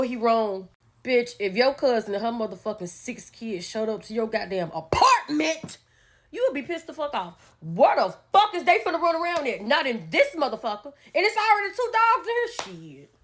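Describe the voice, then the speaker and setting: Brash, fast-talking, profane woman. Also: sits high, slight background noise. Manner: profane, brash, animated ranting. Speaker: commentator. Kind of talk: casual reaction commentary.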